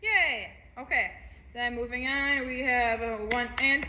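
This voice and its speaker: A woman's voice: sits high, fairly even intonation, measured pace, bright, forceful tone, echoey room, a little hiss or hum, low-quality recording. A woman teaching a saxophone part, upbeat, counting aloud and singing rhythms. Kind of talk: music lesson walkthrough.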